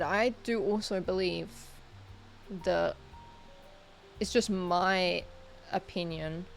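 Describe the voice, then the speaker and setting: A woman's voice: fairly low pitch, vocal fry. A woman streaming and chatting casually with her viewers. She rambles and hesitates, with lots of fillers and restarts. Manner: talks to chat viewers. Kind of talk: casual livestream chat.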